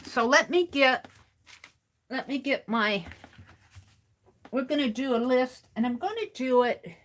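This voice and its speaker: A woman's voice: high voice, animated, unhurried, fairly bright tone. A woman art streamer rambling through a story as she crafts, chatty and full of restarts. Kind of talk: casual storytelling while crafting.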